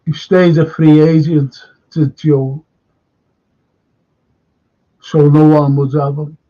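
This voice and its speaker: A man's voice: a little high, little pitch movement, slow, mellow. An older man with a Liverpool accent hosting a live stream, chatting casually and reading out viewer comments in a meandering way with many restarts. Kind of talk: rambling casual chat. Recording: dull lo-fi stream audio.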